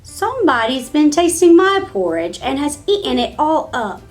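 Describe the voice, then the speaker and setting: A woman putting on a tiny storybook bear cub, crying out high and complaining, with a lively bouncing pitch and faint music underneath. The small boy bear sounds put out and wronged. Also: normal speed. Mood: upset. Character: little wee boy bear, upset.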